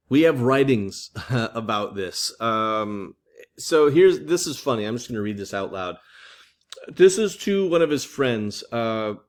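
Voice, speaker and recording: A man teaching an art history lecture in a casual, chatty way, with lots of fillers and restarts. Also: medium pitch.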